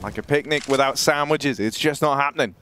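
A man's voice: mid-range voice, brisk, a bit bright, slight background noise. A man giving laid-back, joking commentary on a live esports match. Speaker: esports caster.

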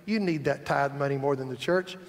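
A man voicing a sly, cruel devil who whispers temptations, hushed, sneering and coaxing. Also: medium pitch, a little fast, voice pushed down, natural voice. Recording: echoey church hall.

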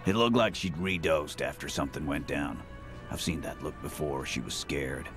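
An actor playing a gruff, commanding male union boss in a game, blunt and world-weary, with a deep gravelly voice. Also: moderate pace, a bit bright. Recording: game audio with music behind. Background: music.

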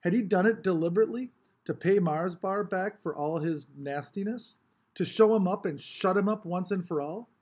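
A man reading a novel aloud with expressive, varied storytelling. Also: high-pitched, moderate pace, breathy edge. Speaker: audiobook reader.

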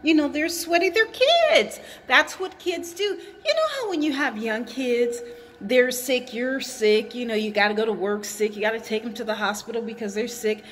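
Lady ranting from her hot garage, chewing gum, kinda high voice, repeats herself a lot, echoey. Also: normal speed, fairly bright tone, a little hiss or hum. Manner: rambling, indignant, repeats herself; chewing gum while talking. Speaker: vlogger. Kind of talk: casual opinion vlog.

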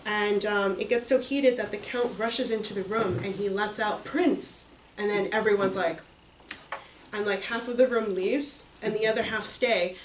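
A woman's voice: medium pitch, fairly even intonation, normal speed. A woman leading a reading group, casually retelling a story with many fillers and restarts. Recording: roomy, distant mic with faint noise.

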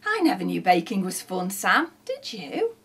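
A woman's voice: mid-range voice, huge pitch swings, moderate pace, creaky, fairly bright tone, slightly rough, full character voice. A woman doing Shifty, a scheming robber dog. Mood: excited.

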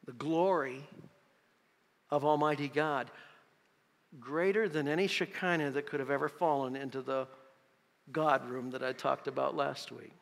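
A man's voice: medium pitch, fairly even intonation, measured pace, vocal fry, pauses often, a bit bright, big-room sound. A man preaching a sermon as pastor, reading scripture with emphatic, dramatic delivery. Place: church sanctuary.

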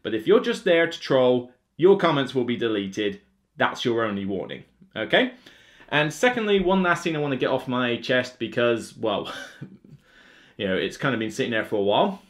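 Animated Somerset-accented man. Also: mid-range voice, moderate pace. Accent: Somerset English. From England (Somerset). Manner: animated, rant-like, with many fillers. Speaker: board game video host. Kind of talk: casual video talk to the camera.

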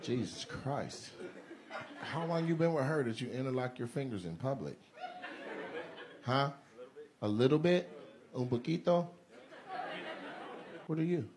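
A male stand-up comedian doing live crowd work, teasing audience members with quick questions and laughing asides. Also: medium pitch. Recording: live show with loud crowd and noise.

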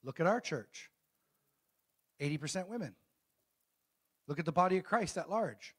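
A middle-aged man preaching a sermon as a pastor, calling out questions to the congregation and reading scripture slowly and emphatically. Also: on the high side, animated. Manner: call-and-response preaching, asks the congregation questions.

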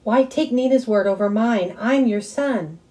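Lady doing upset middle school boy, pleading, yelling, higher than her usual. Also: expressive, a little slow, close to an everyday voice, low-quality recording.

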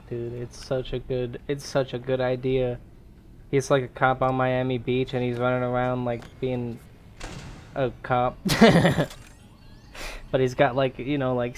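A young man giving casual, rambling gameplay commentary, excitable and swearing now and then. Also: mid-range voice, slight background noise. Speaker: gaming YouTuber.

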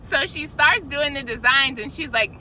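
A woman telling a casual, animated faith testimony, chatting directly to her viewers. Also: sits high, normal speed, a little hiss or hum, rough recording. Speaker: christian vlogger.

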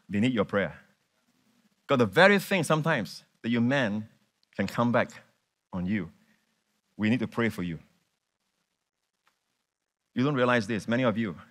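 Male pastor, bright clear voice, lively emphatic sermon delivery, mid pitch. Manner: animated, emphatic preaching with repeated words and questions to the congregation.

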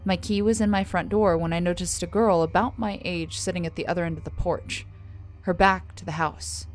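A woman's voice: on the low side, steady tone. Woman narrating a horror story. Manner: measured, softly dropping on tags. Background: soft music.

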